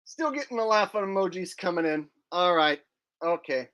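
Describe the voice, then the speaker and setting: A man's voice: high-pitched, lively intonation, normal speed, fairly bright tone. Man, livestream host, casual chat, joking, rambling, reads out comments.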